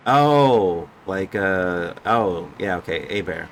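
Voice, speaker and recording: A man's voice: deep voice, a little slow, a bit bright, a little hiss or hum. A young man giving casual, joking live commentary on a sim race and stumbling over drivers' names.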